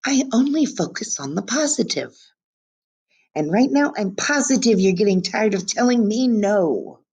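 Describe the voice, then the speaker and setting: A teacher voicing a stubborn, bright twelve-year-old girl who keeps pushing to get her way. She talks eagerly and pleads, and her voice sits higher than the reader's own. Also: lively intonation, measured pace, slightly rough. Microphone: webcam.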